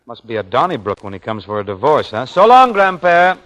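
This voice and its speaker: An actor playing a brash, fast-talking young American traveler and narrator in a 1940s film comedy. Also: male voice, mid-range voice, big pitch swings, a bit bright, no echo, dull audio. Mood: bossy. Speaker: straight man and narrator.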